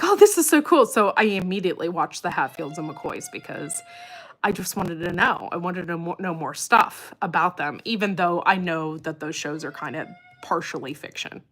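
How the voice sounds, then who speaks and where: A woman with a fairly low voice chats on a livestream from home. She rambles happily and keeps repeating words when she gets excited. Her talk is loose and unscripted. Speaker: farm channel host. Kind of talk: casual livestream chat.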